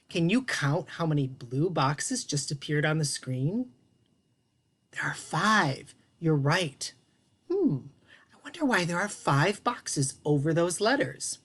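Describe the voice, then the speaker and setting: A woman teaching a children's phonics lesson in an animated, encouraging way, drawing out each sound. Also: deep voice, husky. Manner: sing-song, animated, encouraging with drawn-out sounds.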